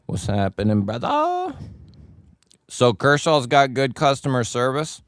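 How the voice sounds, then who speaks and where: A man's voice: mid-range voice, moderate pace, clear, resonant tone, no room sound, studio quality. A man hosting a casual livestream, chatting with viewers and greeting them by nickname. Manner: greets chat viewers by nickname, laid-back and chummy. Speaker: livestream host. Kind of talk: casual live chat with viewers.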